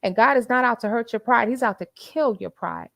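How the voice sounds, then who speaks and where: A woman's voice: on the high side, a little fast, creaky, no room sound. Chatty woman livestream host. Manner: chatty, preachy, quotes scripture; repeats phrases, many fillers. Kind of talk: casual livestream commentary.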